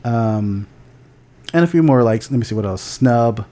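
Guy on a chatty podcast, blunt, swears a lot, mid pitch, lots of false starts. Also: animated, unhurried, warm tone. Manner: opinionated, swears casually, many restarts. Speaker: podcast co-host. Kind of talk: casual podcast chat.

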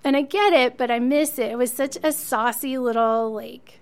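Woman podcast cohost gushing about her fandom, kinda high voice, laughs a lot. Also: normal speed, clear, resonant tone. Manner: enthusiastic fan, chatty and laughing. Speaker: podcast co-host. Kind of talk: casual chat.

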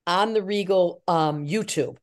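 A middle-aged actress in an interview, telling animated stories and acting out the voices of people she quotes. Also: lowish voice, measured pace. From Irish Catholic family. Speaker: actress and filmmaker. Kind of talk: interview chat.

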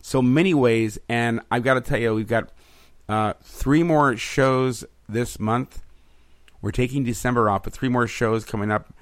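Over a remote recording setup, a man hosts a casual podcast, upbeat and chatty with lots of fillers. He speaks at medium pitch and a measured pace, with no room sound.

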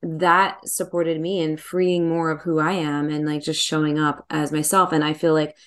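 A woman's voice: sits low, level tone, normal speed, a bit bright. A woman hosting an interview, thoughtful and searching for her words. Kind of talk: reflective interview conversation.

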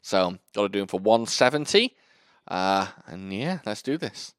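A man's voice: lowish voice, sing-song, moderate pace, smooth, no room sound, clean studio sound. British male podcast host, slight lisp, bouncy intonation, casual and self-mocking. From Britain. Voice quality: slight lisp from dental aligners. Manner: rambling, self-deprecating, joking. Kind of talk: casual chat.

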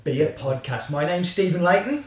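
A man co-hosting a casual podcast, chatting in a lively, swooping voice that jumps up and down as he jokes and teases. He sits a little back from the mic in a roomy space with audible echo. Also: high-pitched, moderate pace, recorded from a distance. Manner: jokey, teasing, reads labels aloud. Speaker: podcast co-host. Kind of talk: casual chat. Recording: roomy sound, a bit off-mic.

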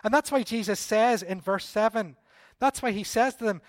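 High-voiced man preaching with fervor. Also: normal speed, no echo, clean studio sound. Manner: animated, emphatic, with repeated appeals. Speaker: pastor. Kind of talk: sermon. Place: church service.

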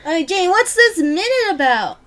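A woman's voice: very high voice, very animated, normal speed, a bit bright. A young woman chatting casually with her sister, giggling and acting out quotes as she tells a story. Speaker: co-host. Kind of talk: casual chat.

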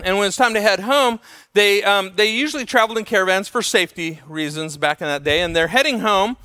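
A male pastor preaching a sermon, telling stories in an animated way and acting out the voices of the people he quotes. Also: sits high, clear, resonant tone, in a large hall.

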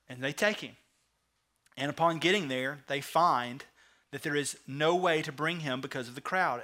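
A male pastor preaching a sermon, retelling the story with lively acted-out asides. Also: high-pitched. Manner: animated storytelling, acting out the characters in quick asides.

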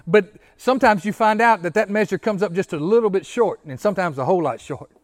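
A man's voice: sits high, quick pace. A male pastor giving an interactive sermon, often asking the congregation questions, repeating key phrases and stammering through restarts.

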